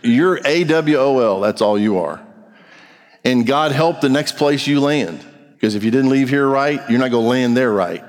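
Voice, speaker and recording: A man's voice: medium pitch, animated, normal speed. A middle-aged man preaching a sermon as pastor, talking directly and bluntly to his congregation with rhetorical questions. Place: church sanctuary. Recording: long reverb of a large hall.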